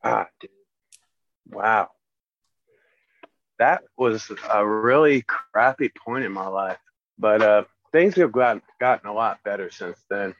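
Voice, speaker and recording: A man's voice: lowish voice, expressive, fairly bright tone, no echo. Man with a slight lisp, lo-fi. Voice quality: slight lisp from missing teeth. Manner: halting, with many fillers. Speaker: returning podcast guest. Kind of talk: casual chat. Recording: dry, dull lo-fi sound.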